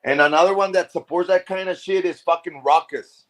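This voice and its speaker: On a live stream, a South Texas man launches into a heated, casual rant laced with heavy profanity. His high voice holds a steady tone at a brisk pace. He keeps restarting phrases and hammers each point.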